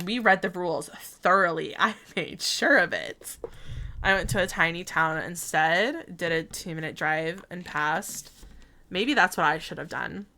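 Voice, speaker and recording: A bright, clear-toned woman in her twenties chats away on a game stream. She tells stories in a loose, rambling way, laughs often and acts out what she said back then. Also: lowish voice. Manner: chatty storytelling, laughing often, quoting herself. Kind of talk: casual chat while streaming a game.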